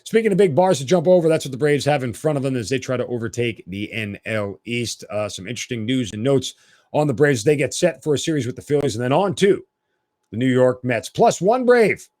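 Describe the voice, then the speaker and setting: A man's voice: medium pitch, lively intonation, brisk, darkish tone, no echo, studio quality. A man hosting a sports talk podcast, giving opinionated, emphatic commentary.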